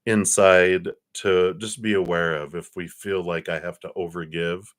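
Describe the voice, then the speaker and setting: A man with a low, deep voice leading a live tarot reading on a stream. He talks easily, laughs a lot between cards and thanks viewers for their donations by name. His delivery is loose and chatty. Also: moderate pace. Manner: relaxed, laughs often, reads viewer names and thanks donors. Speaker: tarot card reader.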